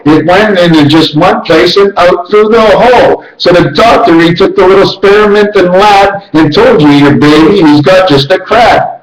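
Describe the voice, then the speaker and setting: A man's voice: normal speed, hardly any pauses, reverberant, rough recording. A man in a rambling monologue, chanting numbers and letters and jumping between ideas. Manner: rambling, rhythmic counting and chanting, sudden jumps in pitch.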